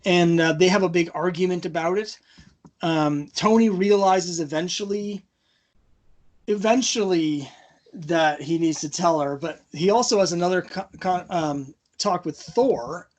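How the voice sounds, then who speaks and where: High-voiced man hosting a comics chat. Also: unhurried. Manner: retells scenes with quoted dialogue, frequent ums. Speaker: podcast host. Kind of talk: casual comic book discussion.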